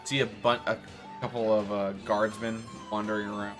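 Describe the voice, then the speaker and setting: A man narrating a tabletop role-playing game as game master, relaxed and hesitant. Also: lowish voice, normal speed, music in the background.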